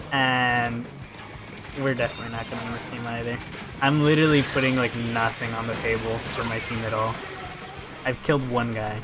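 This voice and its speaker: Young man, gaming streamer, casual rambling chat, swears a lot, headset mic, mid-pitched voice. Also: steady tone, fairly quick, noisy background. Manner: rambling storyteller, swears freely. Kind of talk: casual chat while playing.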